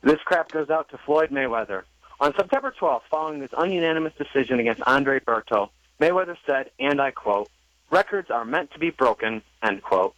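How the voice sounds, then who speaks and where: A male caller reads his prepared rant at an even, measured pace, making his points with pointed sarcasm. His voice sits in a middle register and sounds dry and close. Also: mid-range voice, no room sound, lo-fi sound. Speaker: radio caller.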